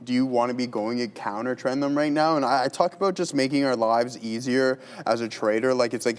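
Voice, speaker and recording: A man's voice: mid-range voice, steady tone, fairly quick, few pauses, smooth. A man hosting a live day trading stream, chatting casually with viewers and talking through his trades as he makes them.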